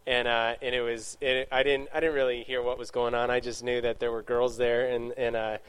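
A man's voice: mid-range voice, little pitch movement, fairly bright tone, smooth. Guy telling young adults his story, keeps restarting his sentences, chatty and loose. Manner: rambling, self-correcting, quick asides. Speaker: youth speaker. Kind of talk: casual testimony to young adults.

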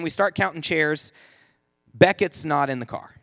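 Earnest high-voiced male Catholic speaker. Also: a little slow, creaky, a bit bright, no echo, clean studio sound. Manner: earnest, vivid storyteller, frequent "like". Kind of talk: storytelling sermon.

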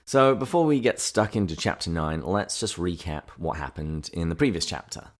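A man co-hosting a casual podcast, summarizing chapters and reflecting on them in a relaxed, thoughtful way. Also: low-pitched, moderate pace. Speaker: podcast co-host. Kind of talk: casual book-discussion podcast.

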